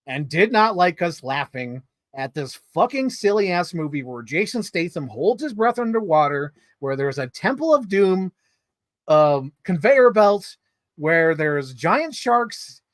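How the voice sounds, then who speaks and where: A man giving a casual, animated movie review as a story, swearing freely and getting excited. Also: high voice, no echo.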